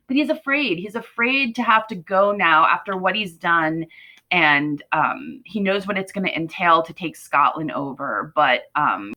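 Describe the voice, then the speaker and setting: A woman teaches a class through a play in a relaxed, conversational way, often checking in with "right?". Her voice is bright and forward, though her pitch sits a little low for a woman. She acts out the characters' lines in lively paraphrase as she goes. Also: unhurried, rough recording. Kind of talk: explaining a play to students.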